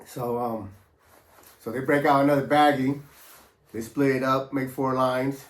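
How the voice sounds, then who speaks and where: A man's voice: medium pitch, little pitch movement, unhurried. A middle-aged man casually recounting his past in a laid-back, streetwise way, full of slang and fillers. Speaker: former prisoner telling his story. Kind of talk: casual storytelling. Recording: roomy echo.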